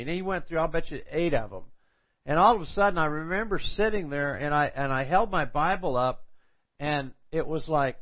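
An older man preaching, telling a personal testimony in a storytelling way and acting out the people he quotes. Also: a little high. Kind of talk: sermon testimony. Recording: dull lo-fi sound.

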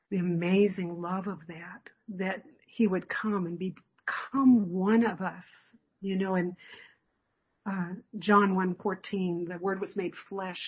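A woman delivers a sermon in an earnest, reflective manner, her voice husky and breathy at a medium pitch. She pauses to gather her thoughts and laughs softly now and then. The recording sounds dull and lo-fi. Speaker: preacher.

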